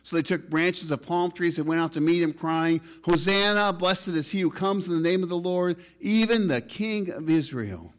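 A man's voice: moderate pace, hardly any pauses. A male pastor preaching a sermon, reading scripture aloud, with his voice rising and falling for emphasis. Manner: reads scripture aloud, rises and falls in pitch and volume for emphasis.

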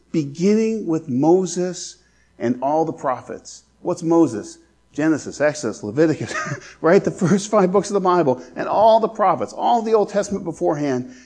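Earnest slow-preaching male pastor. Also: fairly high pitch, dark tone. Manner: earnest preaching, slows down to stress scripture. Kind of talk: sermon.

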